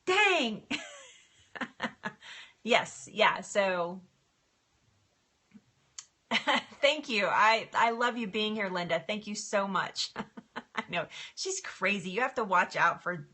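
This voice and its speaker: Middle-aged woman, bright voice, casual live stream chat, laughs easily. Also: mid-range voice, slow, pauses often. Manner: chatty, emotional, laughs often, reads viewer comments aloud. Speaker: livestream host.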